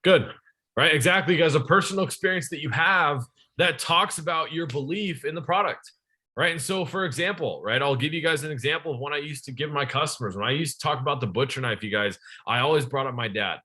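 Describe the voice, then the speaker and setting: A young man leads a sales training session with a bright, forceful voice. He talks to the room directly, firing questions at his listeners and keeping the energy up. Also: a little high, a little fast, breathy edge. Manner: energetic, addresses the audience directly.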